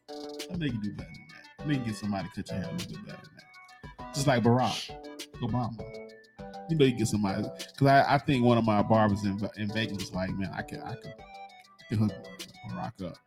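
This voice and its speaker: Joking, animated male co-host. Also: medium pitch, quick pace. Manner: loose, joking, lots of "like". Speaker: podcast co-host. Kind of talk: casual chat. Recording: music playing clearly behind.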